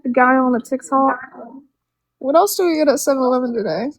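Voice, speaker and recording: A woman in her late teens calls in and rambles through her story in slang, swearing freely as she goes. Her voice sits high and bright in a dry recording. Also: brisk, no room sound, low-quality recording. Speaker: caller. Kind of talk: casual chat.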